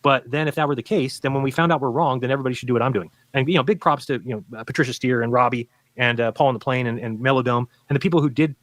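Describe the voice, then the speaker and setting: A man who used to be a flat earther arguing in a debate, explaining insistently and acting out what other people say. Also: mid-range voice, no room sound. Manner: rapid, insistent explaining with quoted voices. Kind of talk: debate argument played from a recorded stream.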